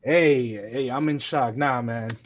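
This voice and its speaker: A man co-hosting a podcast, signing off in a slow drawl with catchphrases over a remote call. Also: medium pitch, steady tone, dull audio. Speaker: podcast co-host. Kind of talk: casual chat.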